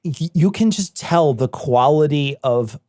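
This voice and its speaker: This is a man co-hosting a podcast, talking casually and animatedly with frequent swearing and joking. His voice sits a little high. The sound is dry and close to the mic. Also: expressive, measured pace, dark tone, dry recording. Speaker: podcast co-host. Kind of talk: casual political chat.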